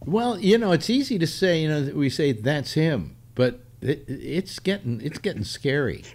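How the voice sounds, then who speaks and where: A man hosting a casual political talk show, rambling with many halting restarts. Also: fairly high pitch, lively intonation, a little mellow.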